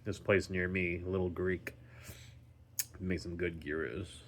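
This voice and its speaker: A very deep-voiced man talks in a slow, unhurried way. He rambles through a casual daily vlog, full of ums and restarts, sounding tired as he recovers at home. A faint hum of room noise sits behind him. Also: steady tone. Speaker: vlogger.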